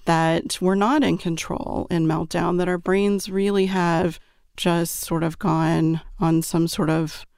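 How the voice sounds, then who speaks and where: Woman telling a story about her kid, earnest, gravelly voice, dry close sound. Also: fairly low pitch, flat delivery, takes it slowly, darkish tone, no echo. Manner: earnest, reflective, frequent "right?" check-ins. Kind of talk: personal storytelling.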